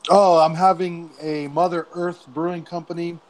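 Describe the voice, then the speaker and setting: A man from Idaho, a guest on a casual beer chat show, talking in a relaxed, rambling way. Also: on the high side, normal speed, slight background noise.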